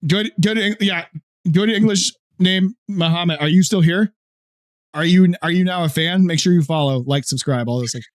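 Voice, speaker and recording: A man's voice: high-pitched, moderate pace. A man co-hosting a casual gaming podcast, swearing and laughing as he tells teasing stories. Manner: crude, laughs often, teasing storyteller. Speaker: podcast co-host.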